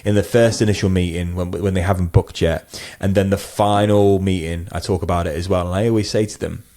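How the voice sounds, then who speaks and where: Very low-voiced guy chatting away on a podcast, lots of ums and restarts, loose and rambling. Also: fairly even intonation, fairly quick, mellow. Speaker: wedding photographer guest. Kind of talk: casual podcast conversation.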